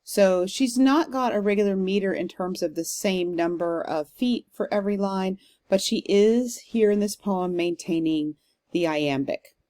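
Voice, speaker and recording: Mellow-voiced woman teaching poetry. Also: mid-range voice, unhurried. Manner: patient, explains step by step with fillers; reads verse aloud with heavy stress. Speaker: literature teacher. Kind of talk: recorded lecture.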